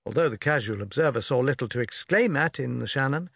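A man's voice: medium pitch, animated, fast talker, gravelly, a bit bright, husky, dry recording. Man narrating an audiobook, dry and close. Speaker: audiobook reader.

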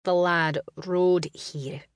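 A woman's voice: on the low side, steady tone, clear, resonant tone, dry recording. A woman voicing a proud, teasing clan laird in a storybook reading. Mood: gruff, teasing. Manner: slow, dry, quipping.

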